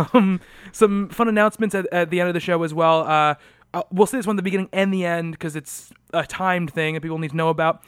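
A man's voice: sits high, fairly even intonation, fast talker, fairly bright tone, smooth, no room sound, studio quality. A man hosting a comics podcast in casual chat, upbeat and rambling, laughing often. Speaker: podcast host.

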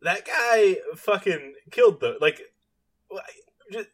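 A man in casual podcast chat, laughing a lot and making slow, sardonic remarks. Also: high voice, lively intonation. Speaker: podcast co-host.

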